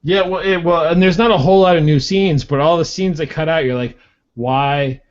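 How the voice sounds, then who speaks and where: A man's voice: on the high side, quick pace. Easygoing man chatting on a lo-fi podcast. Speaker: podcast co-host. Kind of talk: casual chat.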